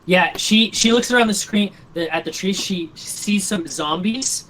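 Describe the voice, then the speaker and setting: A man's voice: high-pitched, unhurried, a bit bright, a little hiss or hum, low-quality recording. A young man narrating a tabletop game as game master on a voice call, rambling with lots of ums and likes.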